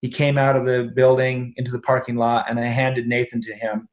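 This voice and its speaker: A middle-aged man, a guest in an interview, telling a personal family story in an animated way, laughing along and checking in with his listener. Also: medium pitch, a little fast.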